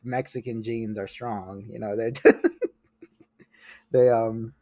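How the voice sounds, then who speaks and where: A man's voice: mid-range voice, steady tone, very slow, warm tone, no echo. Dry-sounding man in his late twenties. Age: late 20s. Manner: rambling, self-mocking, trails off and restarts. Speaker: guest, comic artist. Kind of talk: casual podcast chat.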